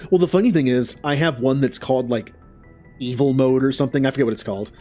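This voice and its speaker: A man's voice: mid-range voice, fast, darkish tone, soft background music. A man casually chatting while streaming a video game, rambling and laughing often. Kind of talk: casual chat over gameplay.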